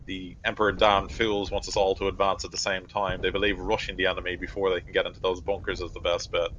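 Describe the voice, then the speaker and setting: A man playing a stern, deep-voiced army captain. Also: level tone, fairly bright tone, highs cut off, slight background noise. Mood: commanding. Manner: measured orders broken by frequent "uh" pauses. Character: stern male army captain, commanding officer.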